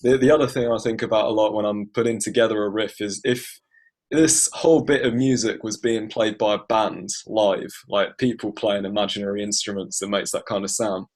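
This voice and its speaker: A man's voice: lowish voice, steady tone, brisk, a little mellow. A man, a guest producer, explaining how he builds riffs by ear, with thoughtful, hedging explanations full of fillers. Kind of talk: explaining his production process.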